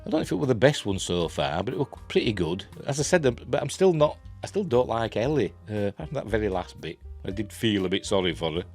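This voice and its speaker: Low-voiced Yorkshire man rambling through a review. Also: sing-song, fast, hardly any pauses, darkish tone. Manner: rambling, chuckling, self-deprecating, many fillers. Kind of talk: casual spoken review. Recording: faint music in the background.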